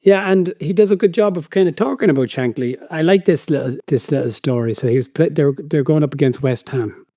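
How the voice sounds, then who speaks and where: Brief: male podcast co-host, mellow tone, dry close sound, curious and quick to laugh. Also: a little high, no room sound. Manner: curious, laughs often, retells stories. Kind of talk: casual chat.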